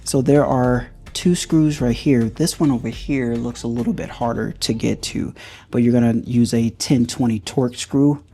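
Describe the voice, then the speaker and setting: This car DIY reviewer talks at a normal speed in a mellow, mid-range voice with a breathy edge and fairly even intonation. Thinking aloud while he works, he keeps things loose and conversational as he guides viewers through a hands-on car repair.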